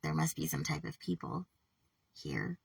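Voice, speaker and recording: A woman talking to camera in a rambling, halting personal monologue, swearing often, trailing off mid-thought and sometimes dropping to a whisper. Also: sits low, wildly swooping pitch, vocal fry, slightly rough, dry recording, far from the mic. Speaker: vlogger.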